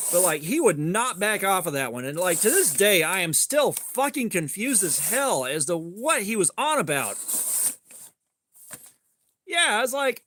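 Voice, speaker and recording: A man streaming live, telling a rambling, profane story in a casual way and getting animated when he quotes people. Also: sits high, moderate pace. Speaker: livestream host.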